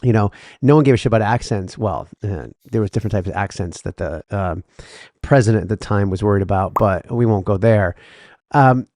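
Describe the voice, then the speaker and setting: A man's voice: on the low side, fairly quick, darkish tone, no echo, clean studio sound. A man co-hosting a casual podcast, rambling and stammering through his points and laughing often. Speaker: podcast co-host.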